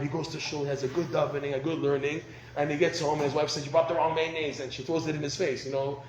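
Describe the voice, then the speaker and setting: A man teaching a class on marriage, animated and laughing often. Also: fairly high pitch. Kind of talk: lecture on marriage. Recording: roomy echo, faint background noise.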